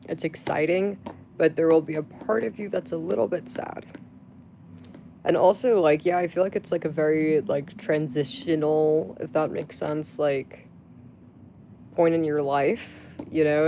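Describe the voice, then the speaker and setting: Casual live streamer at medium pitch, rambling with constant fillers and coarse swearing at chat. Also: steady tone, unhurried, gravelly, a little mellow, a little hiss or hum. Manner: rambling, heavy with fillers and restarts; crude, profane outbursts at chat.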